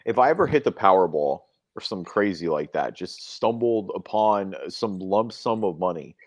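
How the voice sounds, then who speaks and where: Lively low-voiced man hosting a sports podcast. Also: normal speed, dry recording. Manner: animated storyteller, acts out quoted dialogue with big pitch jumps. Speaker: podcast co-host. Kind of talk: casual sports podcast chat.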